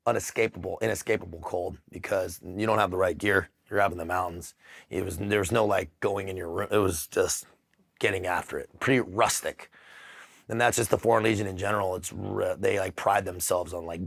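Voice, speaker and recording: A middle-aged man with a low, gravelly voice tells his story in a loose, unscripted interview. He talks bluntly and swears freely, often stopping and restarting his sentences. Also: steady tone, fairly bright tone. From United States. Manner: profane, blunt, halting restarts. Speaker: interview guest. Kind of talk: casual storytelling.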